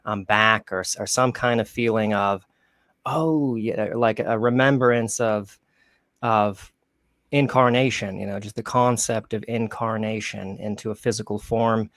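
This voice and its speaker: A man's voice: on the low side, steady tone, unhurried, fairly bright tone, no echo. A man hosting a podcast interview, asking long, rambling questions with frequent restarts. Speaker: podcast host.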